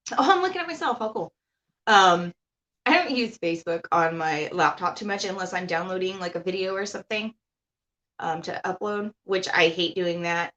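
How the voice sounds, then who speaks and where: A woman's voice: mid-range voice, fairly bright tone. Casting: woman livestream host, blunt and profane, rambling rants into a laptop mic. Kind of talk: casual ranting livestream.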